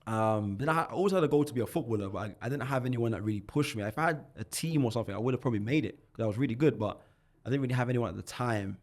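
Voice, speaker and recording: A man in his twenties with a London accent, a podcast guest telling his life story in animated, slang-heavy talk, often restarting and repeating words. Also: mid-range voice, racing. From London, England. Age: 20s.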